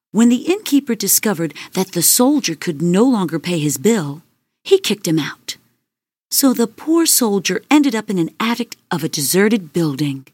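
A woman narrating a fairy tale in a slow, expressive storytelling manner. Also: medium pitch, husky, dry recording.

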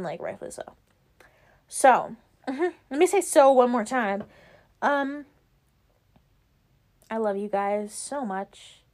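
A young woman hosting a casual solo podcast, rambling with lots of "like" and "um" fillers. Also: mid-range voice. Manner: rambling, filler-heavy, frequent "like" and "um". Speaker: podcast host.

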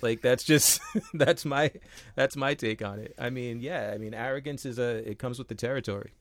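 A young man co-hosting a casual podcast, telling stories with animated quoted voices and casual swearing. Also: medium pitch, moderate pace, no room sound. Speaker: podcast co-host.

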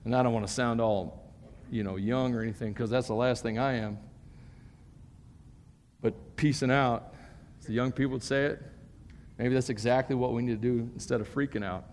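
A man preaching a sermon to a congregation, animated and emphatic, with joking asides between his points. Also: mid-range voice, moderate pace, pauses often, a little hiss or hum. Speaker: pastor. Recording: long reverb of a large hall.

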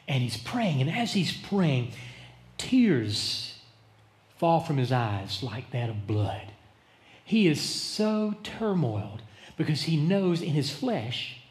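A male pastor preaching a sermon, dramatic, swinging between loud emphasis and hushed tones. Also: mid-range voice. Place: church sanctuary. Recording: echoey church sanctuary.

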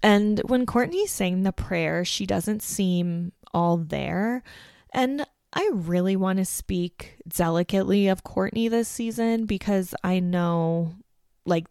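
A young woman hosting a podcast, recapping a reality show in casual, animated chat and acting out the cast's lines. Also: lowish voice, a little slow, clear, resonant tone, no room sound, studio quality. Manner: animated, acts out cast quotes with profanity.

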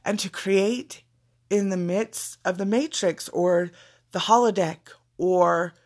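A woman's voice: mid-range voice, takes it slowly, darkish tone. A woman giving a casual spiritual pep talk in an emphatic, repetitive way, with blunt swearing. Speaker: motivational speaker.

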